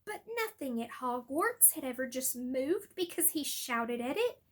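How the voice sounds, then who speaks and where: Slow, high-voiced woman reading aloud. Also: very animated, a bit bright. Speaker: reader. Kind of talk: audiobook reading.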